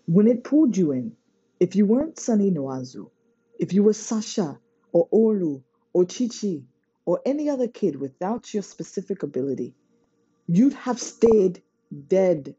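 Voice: medium pitch, big pitch swings, a little slow, warm tone, husky, pitched above the performer's own voice. A reader voicing a blunt, scolding adult male mentor in a storybook reading. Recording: dull lo-fi recording.

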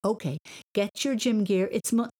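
A woman voicing a busy, cheerful mother of a young boy who speaks briskly. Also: mid-range voice, mellow, pitched above the performer's own voice, lightly acted. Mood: puzzled.

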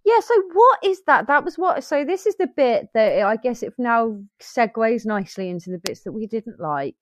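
A woman's voice: on the high side, very animated, moderate pace. A woman co-hosting a film podcast, casual and playful chat with laughter. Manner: playful, laughs, does silly voices.

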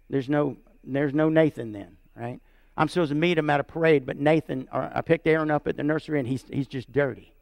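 A middle-aged man preaches from the pulpit, his fairly high voice carrying a gravelly edge. He tells stories to his congregation, keeps asking "right?" and "amen?", and swings from loud, high emphasis to low, hushed lines. The recording is close and dry. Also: dry recording. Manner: storytelling, repeats words, asks "right?" and "amen?" of the congregation; voice climbs high and loud when stressing a point, drops low and soft for quiet lines. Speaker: pastor. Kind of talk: sermon.

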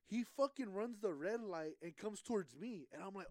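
A young man co-hosting a podcast, telling a story in casual chat with heavy swearing and lively acted-out quotes. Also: high voice, a little fast, no room sound. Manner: profane animated storytelling. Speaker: podcast co-host.

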